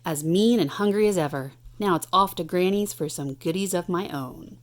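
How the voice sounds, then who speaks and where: A woman's voice: lowish voice, normal speed, close to an everyday voice. A woman doing a mean monster truck bully. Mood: menacing.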